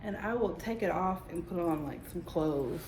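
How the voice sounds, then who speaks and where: A woman's voice: lowish voice, moderate pace, a little hiss or hum. Chatty woman vlogging. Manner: chatty, animated, talks straight to viewers. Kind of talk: casual storytelling vlog. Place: home, indoors.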